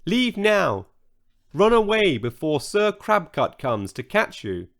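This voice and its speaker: A man's voice: high-pitched, very animated, slow pace, fairly bright tone, voice pushed up, full character voice. A man playing a stubborn, plucky little girl. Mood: urgent. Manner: earnest, urgent, determined. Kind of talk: children's storybook reading.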